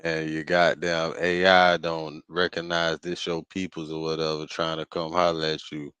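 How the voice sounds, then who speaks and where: A man co-hosting a casual talk show, speaking profanely and building into loud rants. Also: very deep voice, flat delivery, normal speed, smooth, no room sound. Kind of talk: casual chat.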